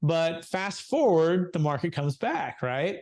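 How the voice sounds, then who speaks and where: A man's voice: on the high side, slow. A young adult man telling a client story in a podcast interview, acting out quotes with lots of fillers. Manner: animated storyteller, acts out quotes, many fillers. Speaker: guest, capital gains tax advisor.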